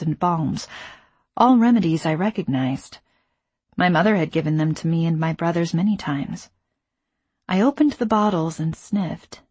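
A woman reads a first-person novel slowly and with care, her voice husky and low. The recording is dry and close, and she sinks into whispers as the story grows tense. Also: a little mellow, no room sound. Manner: measured, drops to whispers for tense moments. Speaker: audiobook narrator. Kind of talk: first-person fiction narration.

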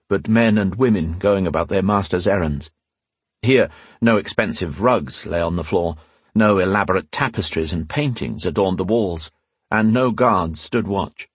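A husky-voiced man narrates a fantasy novel as an audiobook, giving the dialogue small shifts in pitch. The recording is dry.

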